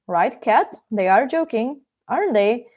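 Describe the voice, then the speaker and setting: A woman voicing a clumsy, gruff cartoon dog. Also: on the high side, expressive, unhurried, darkish tone. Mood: pleading, eager. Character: grumpy clumsy male dog in ripped pants.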